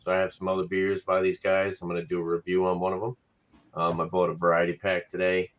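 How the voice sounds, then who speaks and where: A man chatting casually on a livestream in a low-key, hesitant way with fillers. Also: completely flat delivery, quick pace. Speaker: stream guest. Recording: dull, distant mic.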